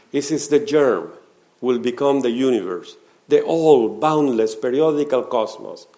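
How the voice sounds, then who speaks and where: In a mid-range voice and a non-native English accent, the man delivers his conference talk with animated emphasis. Questions to the audience recur often, and his volume shifts between strong stresses and hushed asides.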